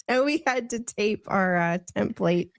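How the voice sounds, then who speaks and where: A woman's voice: medium pitch, expressive, a little slow, no echo. A woman guest on a podcast, telling a long story in a rambling, casual way and laughing often. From United States.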